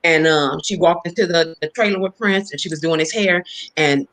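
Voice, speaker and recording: A woman from California, a hairstylist telling a personal story in casual conversation, animated and acting out the voices of the people in it. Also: low-pitched, normal speed, poor audio. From Inglewood, California. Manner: animated, acts out the voices in her stories.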